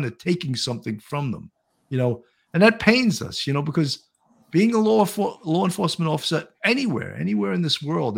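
A man's voice: mid-range voice, vocal fry. An older man with a New York accent, a retired police officer hosting a talk show in a rambling, chatty way. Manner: rambling, with many restarts. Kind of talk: casual talk show chat.

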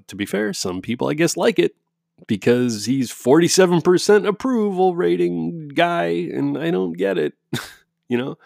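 Man, casual home monologue, profane, sarcastic, lively pitch swings, dry close sound. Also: no echo. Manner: animated, profane, sarcastic, frequent laughs. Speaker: parent with kids at home.

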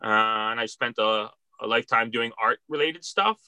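Middle-aged guy from philly, rambly heartfelt storytelling, bright tense voice, dry sound. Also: medium pitch, moderate pace, clear, resonant tone, dry recording. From Philadelphia, US. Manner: rambling and heartfelt, with frequent restarts. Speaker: record store worker. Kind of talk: casual interview storytelling.

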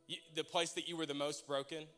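A man's voice: a little high, little pitch movement, fast, fairly bright tone, soft background music. A young man preaching, telling a personal story and praying, emotional and conversational with stumbling restarts. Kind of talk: sermon with personal testimony and prayer.

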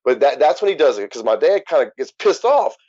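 An interview guest tells his story candidly and casually, swearing and now and then laughing at grim moments. His medium-pitched voice swings widely in pitch, moves fairly quickly, and has a darkish tone, heard without echo in dull, muffled podcast audio.

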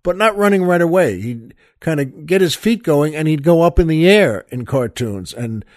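A man's voice: on the high side, animated, moderate pace, darkish tone, no echo, studio quality. An older man hosting a podcast, telling a joke in a rambling, chuckling way, with lots of fillers. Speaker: podcast host. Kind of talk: casual storytelling chat.

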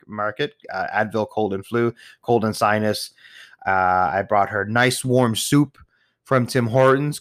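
A man with a lowish, slightly bright voice rambles casually through personal dating stories, restarting often, laughing and occasionally swearing. The studio recording is clean with no echo.

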